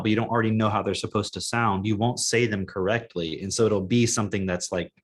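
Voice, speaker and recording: A man co-hosting a podcast in casual chat, animated and blunt, laughing often and swearing now and then. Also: lowish voice. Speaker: podcast co-host.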